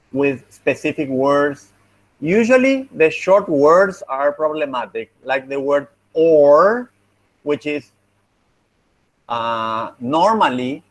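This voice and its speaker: A man leads an online phonetics class, patient and encouraging as he walks through exam feedback. He speaks slowly, thinking aloud now and then, and his voice comes through a video call. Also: a little high, low-quality recording. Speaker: university phonetics teacher.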